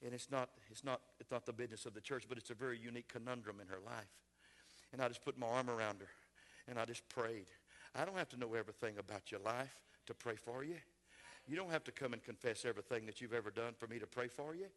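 A pastor preaching a sermon in a church, swinging from shouted, impassioned lines to quiet, tender ones. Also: male voice, medium pitch, fast. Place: church sanctuary.

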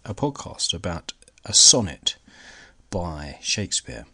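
A podcast host gives a solo educational talk on a laptop recording, his low voice very animated yet slow-paced, creaky, bright and forceful, with a breathy edge. He stumbles through fillers and restarts, and sometimes his voice sinks to near-whispering.

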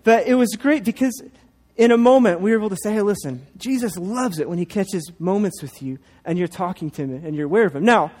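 A man's voice: high voice, a little fast, few pauses, a little mellow. A man in his thirties, a pastor, preaching a sermon and telling a family story with playful asides.

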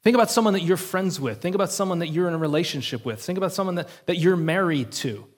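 Man preaching, husky, fairly high voice, earnest and conversational, checks in with listeners. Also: lively intonation, quick pace. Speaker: pastor. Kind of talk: sermon.

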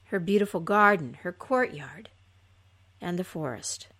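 Slow, expressive woman telling a fairy tale. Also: on the low side. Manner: unhurried, expressive, soft at phrase ends. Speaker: storyteller. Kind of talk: reading a fairy tale aloud.

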